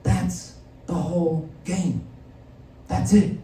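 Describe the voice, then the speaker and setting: A man doing an impression of a scheming older president who talks like a mob boss, in a slow, low conspiratorial drawl. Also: fairly even intonation, warm tone. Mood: smug. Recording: echoey room, mic far off.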